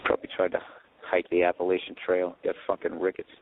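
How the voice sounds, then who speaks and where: A man's voice: low voice, completely flat delivery, quick pace, gravelly, narrow, tinny audio, slight background noise. A man ranting sarcastically and profanely as a comedy podcast host, recorded in an airport waiting area on a phone. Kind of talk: rambling comedic rant.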